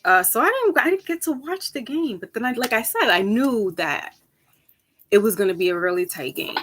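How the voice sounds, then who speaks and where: A woman tarot reader chatting casually with her viewers, rambling from topic to topic, laughing easily and jumping up high for emphasis. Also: expressive, moderate pace, a bit bright, a little hiss or hum. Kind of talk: casual chat with viewers before a reading.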